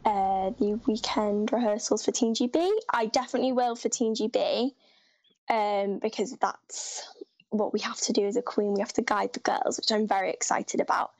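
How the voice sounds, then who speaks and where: A woman's voice: medium pitch, fairly even intonation, normal speed. A teenage girl from North Wales, chatting upbeat with lots of fillers as a guest in a live interview. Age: teens.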